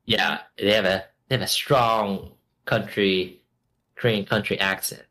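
A man's voice: on the low side, fairly even intonation, unhurried, sharp tone. A man hosting a casual podcast chat, rambling with plenty of fillers. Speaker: podcast host.

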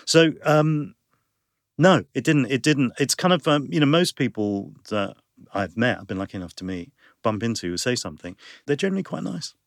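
A man, a guest comedian and actor, talking in an interview and telling lively anecdotes with plenty of fillers. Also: medium pitch, moderate pace, gravelly, dry recording, clean studio sound. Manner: lively anecdotes with many fillers, 'you know' and 'um'. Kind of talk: conversational interview storytelling.

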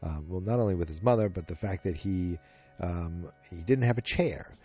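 A man hosting a podcast, recapping a TV episode in a casual, rambling way with many pauses and fillers. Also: low-pitched, warm tone, slightly rough, soft background music. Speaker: podcast host.

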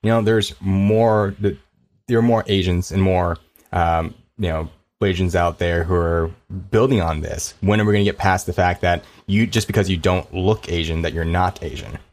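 A man hosting a podcast in casual conversation, animated and quick, laughing easily. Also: deep voice. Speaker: podcast host.

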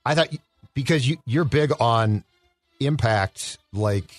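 A man co-hosting a casual sports podcast, chatty and quick to react. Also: medium pitch, faint music behind. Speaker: podcast co-host.

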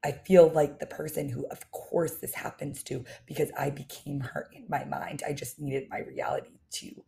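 Low gravelly woman podcasting solo. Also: steady tone, moderate pace, mellow. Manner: casual, emphatic, talks straight to listeners. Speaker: podcast host and business coach. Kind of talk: solo motivational podcast monologue.

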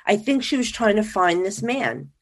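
A woman from New Jersey, a psychic guest in an interview, telling stories in a lively, chatty way and acting out what people said. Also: mid-range voice, moderate pace. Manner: animated, acts out quoted dialogue. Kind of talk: casual interview storytelling.

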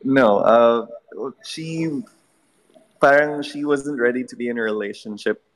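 Hesitant caller on a phone. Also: male voice, mid-range voice, unhurried, rough recording. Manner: hesitant, mixes in Tagalog fillers. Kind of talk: phone call-in. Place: hallway. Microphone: phone call.

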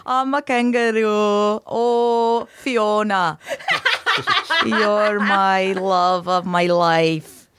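A woman voicing a goofy male kangaroo with a mock Scottish accent, drawn out slowly. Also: mid-range voice, steady tone, a bit bright, a little hiss or hum.

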